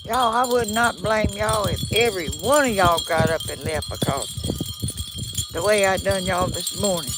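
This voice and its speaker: An older woman from Georgia with a Southern American accent hosts a casual live stream outdoors in the sun, fumbling with her phone and tablet and talking in a flustered, self-deprecating, folksy rural way. Her voice sits at medium pitch and moves at a normal speed, and the recording is very noisy.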